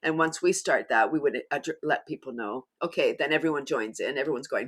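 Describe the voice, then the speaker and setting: A middle-aged woman who leads laughter yoga, talking as a guest in an animated way and often breaking into demonstration laughs. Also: rumbling low, fairly quick, slightly rough. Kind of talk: conversational interview.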